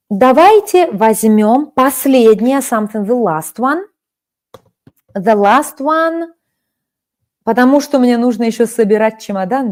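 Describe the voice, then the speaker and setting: A woman's voice: mid-range voice, mellow. A woman in her forties with a Russian accent, teaching a live-streamed Russian lesson and switching between languages. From Russia (Kaliningrad region). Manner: switches between languages, reads chat aloud.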